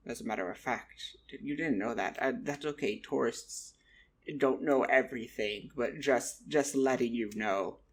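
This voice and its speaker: A man voicing a really big, friendly male goblin blacksmith who explains things slowly and patiently, with little stammers. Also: mid-range voice, creaky, a little hiss or hum.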